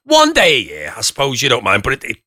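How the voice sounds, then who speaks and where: A man's voice: medium pitch, huge pitch swings, fast talker, pushed and bright, breathy edge, dry recording, clean studio sound. A man hosting a radio phone-in, reading out listener messages in a chatty, jokey way that teases callers. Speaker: radio host. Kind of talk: casual radio phone-in chat. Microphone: studio microphone.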